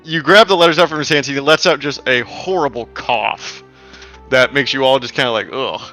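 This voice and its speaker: A man narrating as game master in a tabletop game, casual and halting with many fillers. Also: mid-range voice, sharp tone, soft background music.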